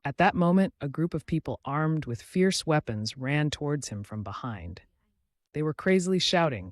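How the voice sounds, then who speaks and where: A man's voice: mid-range voice, expressive, normal speed, no room sound. A man narrating a comic story recap in a scripted storytelling style.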